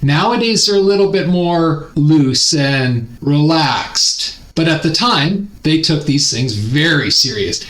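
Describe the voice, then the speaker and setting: A man's voice: on the high side, slow, few pauses, roomy sound, low-quality recording. Chatty Canadian man telling a story. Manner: chatty, animated, exasperated asides. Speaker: host. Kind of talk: casual storytelling commentary.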